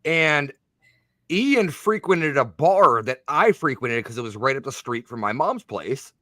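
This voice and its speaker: A man's voice: mid-range voice, very animated, a little slow, a bit bright, no room sound. A man telling stories in a casual chat, easygoing and talkative. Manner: easygoing storyteller.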